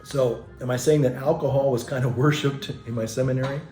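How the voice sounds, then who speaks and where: A man's voice: medium pitch, fairly even intonation, a little fast, darkish tone, reverberant, soft background music. A man who is a Catholic priest, telling a story casually in a rambling way, with restarts and self-corrections.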